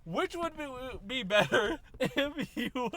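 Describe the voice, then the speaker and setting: A young man co-hosting a casual podcast, animated and laughing, acting out imagined voices. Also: very high voice, slow pace. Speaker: podcast co-host. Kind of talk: casual chat.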